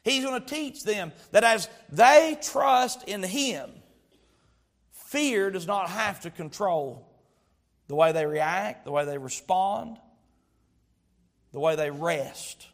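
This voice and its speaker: A man's voice: high-pitched, animated, slow pace, pauses often. A man preaching a sermon as a pastor, stretching out key words for emphasis and telling stories with humor. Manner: storytelling with humor.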